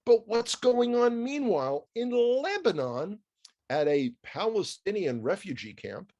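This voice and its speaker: New York male commentator, slightly high voice, wry conversational delivery with asides. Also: a little slow. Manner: wry, animated, asides and rhetorical questions.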